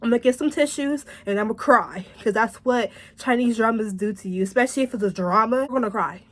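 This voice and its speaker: A woman with a fairly high voice chats her way through a drama review. She rambles and stays animated, laughing now and then and swearing freely. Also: fast. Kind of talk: casual review chat.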